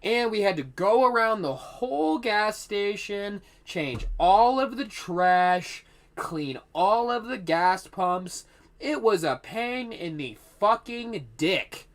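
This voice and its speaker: Young man, high voice, casual storytime, swearing, rambling, animated. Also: takes it slowly.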